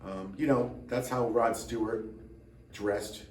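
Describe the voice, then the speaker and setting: A man's voice: mid-range voice, steady tone, slow pace, reverberant, recorded from a distance, a little hiss or hum. A tired man hosting his own channel, chatting casually to camera with rambling, self-mocking dry jokes. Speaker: drummer and channel host.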